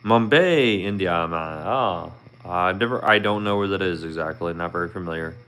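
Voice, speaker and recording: A man's voice: sits low, normal speed, fairly bright tone, clean tone. Chatty Philly man on a live stream. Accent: Philadelphia. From Philadelphia, Pennsylvania. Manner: chatty, asks viewers questions, repeats himself, laughs often. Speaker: YouTuber hosting a live stream. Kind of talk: casual live-stream chat with viewers.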